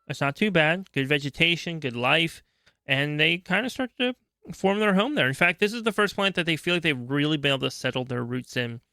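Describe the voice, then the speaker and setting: A male podcast host talks through game lore in a loose, chatty style, often checking in with his listener. His voice is gravelly with fry and sits a little high for a man. The sound is dry and close to the mic. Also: bright, forceful tone, no room sound. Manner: chatty, checks in with frequent "right?". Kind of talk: casual lore explainer.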